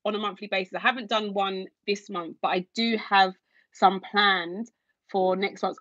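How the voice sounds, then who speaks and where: A woman's voice: medium pitch, expressive, moderate pace, a bit bright, dry recording, muffled recording. A young woman chatting casually on a livestream, gushing and using lots of fillers as she answers viewer comments. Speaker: YouTube livestream host and shop owner.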